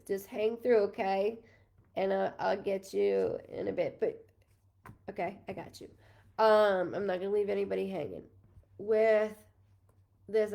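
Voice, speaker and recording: Her mid-range voice is gravelly and mellow as this New York psychic medium in her thirties gives a reading over a live stream. She talks in a rambling, chatty way, apologizing often and getting emotional.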